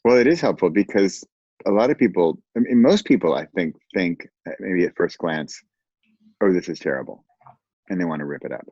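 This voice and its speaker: A man with a deep, low voice talks in a relaxed, lively way, laughing often and acting out little quotes. The sound is dry and muffled, like a video call. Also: brisk, dry recording. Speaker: guest. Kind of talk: casual conversation.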